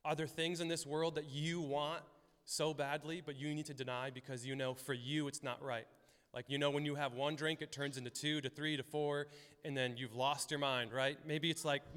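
A man's voice: fairly high pitch, fairly even intonation, normal speed, fairly bright tone, smooth. A man preaching a casual, conversational sermon as a pastor, often acting out the voices in his stories. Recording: long hall reverb.

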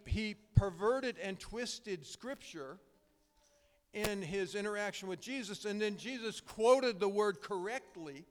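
This middle-aged pastor has a high-pitched, slightly mellow voice. His sermon is conversational and emphatic, built around stories with frequent restarts, and it echoes with long hall reverb.

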